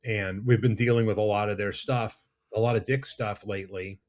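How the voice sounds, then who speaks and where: A middle-aged man, a makeup effects artist, telling animated, rambling stories as a guest in a casual interview. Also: lowish voice, moderate pace. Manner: animated, rambling anecdotes with restarts. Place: studio or lounge.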